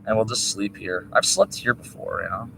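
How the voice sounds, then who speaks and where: A man talking while high, rambling and swearing in a loose monologue outdoors. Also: moderate pace, vocal fry, noisy background. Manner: rambling, profane, laughing asides. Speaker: vlogger.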